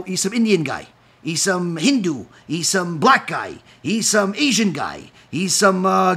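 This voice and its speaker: Emphatic high-voiced man with husky tone. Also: bright, forceful tone. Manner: emphatic, rhetorical questions, acts out quoted voices. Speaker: rabbi answering questions. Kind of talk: impassioned talk.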